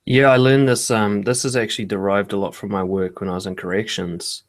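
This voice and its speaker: A man speaking as an author and guest, explaining calmly in a casual interview with occasional swearing. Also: on the low side, a little fast. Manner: calm, matter-of-fact, casual swearing.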